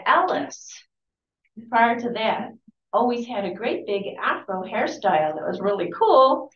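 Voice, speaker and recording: Woman reading her memoir aloud, distant and roomy. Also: mid-range voice. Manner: conversational, corrects herself mid-sentence. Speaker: author giving a book talk. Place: public library talk. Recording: distant, roomy and dull-sounding.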